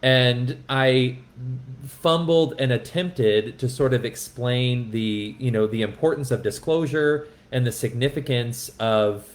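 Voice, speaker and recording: A man's voice: medium pitch, slow. Earnest man telling a story. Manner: earnest and impassioned, with frequent restarts and asides. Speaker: music educator. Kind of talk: storytelling in a podcast conversation.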